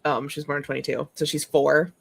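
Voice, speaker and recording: A woman chatting casually as co-host, telling animated stories and laughing often. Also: low voice, quick pace, gravelly, breathy edge. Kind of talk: casual chat.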